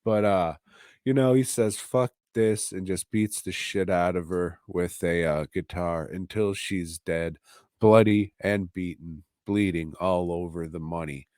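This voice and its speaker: Slow, low-voiced profane podcast guy. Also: fairly even intonation, a little mellow, dry recording, studio quality. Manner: profane, offhand, slow and drawling. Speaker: podcast host reviewing a TV episode. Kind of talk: casual rambling recap. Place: at home.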